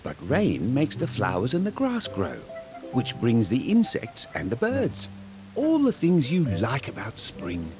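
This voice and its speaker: A man voicing a gentle, patient grown-up hare in an animated children's series, talking in a kindly, reassuring and encouraging way. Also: medium pitch, unhurried. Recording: cartoon dialogue over music.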